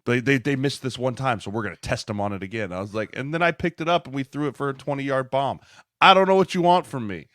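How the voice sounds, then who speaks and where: A man's voice: medium pitch, quick pace, a bit bright, dry recording. A man co-hosting a casual podcast, telling stories and acting out dialogue. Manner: chatty storyteller acting out dialogue. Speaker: podcast co-host, former lineman.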